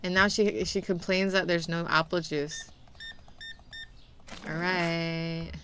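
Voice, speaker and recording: A woman's voice: fairly low pitch, steady tone, takes it slowly, background noise. A young woman streaming a game, chatting animatedly with her viewers and laughing often. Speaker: VTuber streamer. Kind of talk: casual gameplay commentary.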